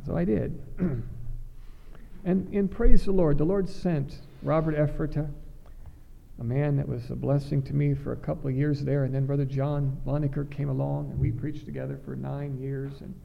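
A middle-aged man preaching a sermon, earnest and halting, often repeating words as he restarts. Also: medium pitch, steady tone, creaky, lo-fi sound.

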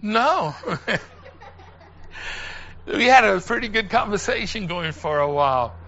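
A man with a high, gravelly voice preaches a sermon, telling a story before rising to shouted emphasis. The recording is dull and lo-fi. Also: expressive, slow pace. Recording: lo-fi dull sound.

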